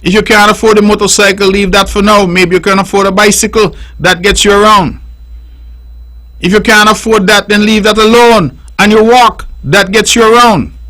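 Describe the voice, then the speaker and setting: Man, Nevisian accent, radio host, high bright forceful voice, preaching and repetitive. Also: steady tone, moderate pace, poor audio. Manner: emphatic, repetitive, preaching delivery. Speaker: radio talk show host. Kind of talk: radio call-in commentary.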